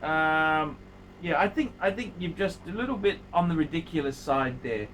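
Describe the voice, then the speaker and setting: A man's voice: fairly high pitch, expressive, normal speed, a bit bright, a little hiss or hum, low-quality recording. A man hosting his own video channel, giving a blunt, scolding watch review and repeating himself for emphasis. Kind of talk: casual video review monologue.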